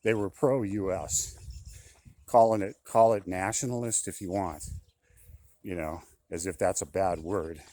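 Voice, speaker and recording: This older commentator has a low, warm voice with a steady tone, and he takes his time. Talking casually on his own, he keeps repeating himself and grows indignant.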